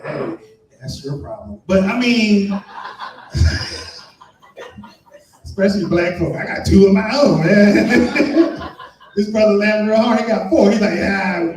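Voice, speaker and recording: A man's voice: fairly high pitch, a little mellow, a little hiss or hum. A man from Maryland doing stand-up comedy and emceeing, joking loosely with a live crowd. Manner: loose, playful crowd banter. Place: live comedy venue with an audience. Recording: roomy echo, mic heard from a distance.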